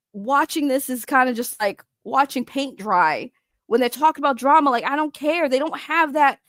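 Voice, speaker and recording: A woman's voice: high voice, no room sound, clean studio sound. A young woman host rambling through casual reaction commentary, chatty and swearing freely.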